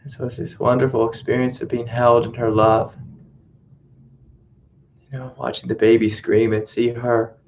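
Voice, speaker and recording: A male spiritual teacher with a medium-pitched voice tells a story reflectively in a satsang teaching talk, often repeating his phrases. The audio is dull lo-fi webcast quality with slight background noise.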